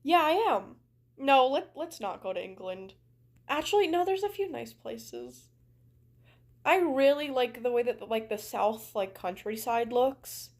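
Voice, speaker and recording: Streaming a game, a young Canadian-accented woman in young adulthood chats casually and rambles, leaning on "like" a lot. Her voice is a little high and animated, and she speaks a little slowly.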